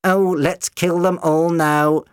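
A man voicing a laughing, brutish male robot pirate captain in a storybook reading, booming and gleeful. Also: level tone, slow, smooth, no echo, studio quality.

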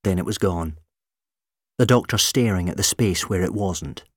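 A man narrating an audiobook with expressive storytelling. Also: sits low, normal speed, husky, no room sound, studio quality. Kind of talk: scripted narration.

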